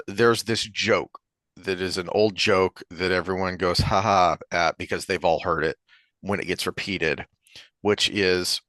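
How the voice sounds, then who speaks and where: Podcast co-host, man, low voice, dry sound, casual and animated. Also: no echo. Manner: animated storyteller, acts out joke characters. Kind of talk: casual opinion talk.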